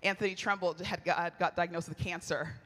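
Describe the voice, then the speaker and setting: Woman retreat speaker, bright and forceful, storytelling sermon, laughs a lot, long hall reverb. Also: fairly low pitch, fairly quick. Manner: animated, chatty, laughs often, acts out quoted lines.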